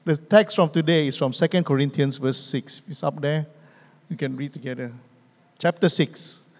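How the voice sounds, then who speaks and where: A man, his voice pitched a little high. He repeats phrases for emphasis and calls for amens. The sound carries a long church-hall reverb. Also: normal speed. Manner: emphatic, repetitive preaching with calls for amen. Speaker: pastor. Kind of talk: sermon. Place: church sanctuary.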